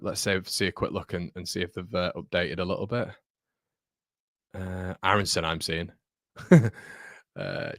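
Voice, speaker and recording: In a clean, dry studio recording, a man with a fairly low, fairly bright voice hosts a relaxed football watchalong stream. Chatty throughout, he reads viewer messages out loud and calls everyone mate.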